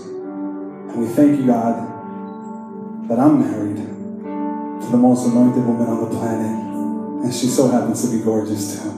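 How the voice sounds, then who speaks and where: A man preaching to a congregation as pastor, lively and joking, calling out for the crowd to respond. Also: mid-range voice. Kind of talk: sermon with humorous stories. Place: church service. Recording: echoey room with music behind.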